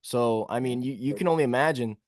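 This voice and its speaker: A man's voice: mid-range voice, fairly quick, dry recording, clean studio sound. A man interviewing a fighter, casual and encouraging, with many fillers. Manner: casual, encouraging, says "like" often.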